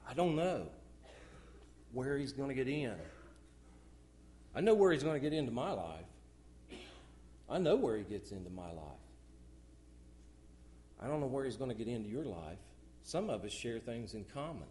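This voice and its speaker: A middle-aged man preaching a sermon in church, swinging from loud outbursts to hushed, low asides. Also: very animated, moderate pace, pauses often.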